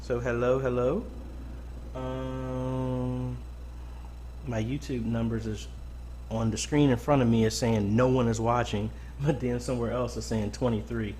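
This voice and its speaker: A man's voice: medium pitch, level tone, unhurried, a little mellow, slight background noise. A man hosting a casual weekly live-stream Q&A from a home studio, greeting viewers by name with lots of ums. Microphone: boom-arm mic close up.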